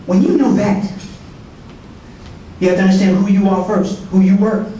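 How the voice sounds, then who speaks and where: Speaking at a moderate pace in a high, dark voice, a male soldier delivers a conversational testimony sermon at a prayer breakfast, repeating words and slipping in asides. The hall is very echoey, he's distant from the mic, and there's faint noise.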